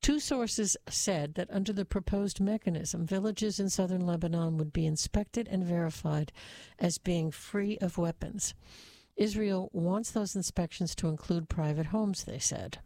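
A woman reads the news in a steady, even manner, her voice low and mellow. The sound is dry and close, with no room around it. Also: measured pace, no room sound. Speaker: news reader. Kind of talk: scripted news reading.

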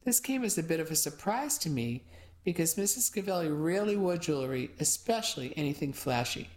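A woman's voice: deep voice, animated, a little fast, darkish tone. A woman giving first-person audiobook narration with wry, dry asides.

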